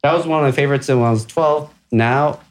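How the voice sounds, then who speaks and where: A man's voice: mid-range voice, a little fast. A man in casual chat with friends, hesitant and stammering as he searches for words.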